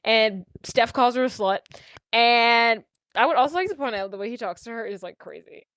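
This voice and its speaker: A young woman co-hosting a movie podcast, retelling scenes in an animated, casual way and swearing freely. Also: fairly high pitch, dry recording, studio quality. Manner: animated retelling, acts out characters in quick quoted voices. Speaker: podcast co-host. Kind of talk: casual movie recap chat.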